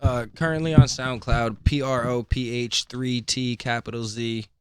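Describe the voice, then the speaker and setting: A man's voice: mid-range voice, fairly even intonation, normal speed, background noise. A man appearing as a musician guest on a podcast, talking casually in a laid-back, offhand way. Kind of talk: casual chat.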